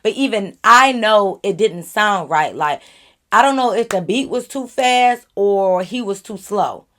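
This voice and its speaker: A woman vlogger telling a casual storytime, animated and chatty, talking straight to her viewers. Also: medium pitch, measured pace.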